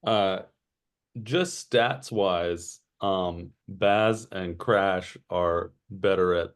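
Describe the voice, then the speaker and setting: A deep, low-pitched man running a tabletop game. He talks slowly and haltingly, filling gaps with ums and uhs. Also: clean tone. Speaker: game master.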